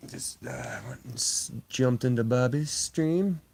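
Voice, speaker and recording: A man's voice: mid-range voice, slow, vocal fry, a little mellow. A man in his thirties from Canada, streaming live, chatting casually, swearing bluntly and cooing at his cat in a raised voice.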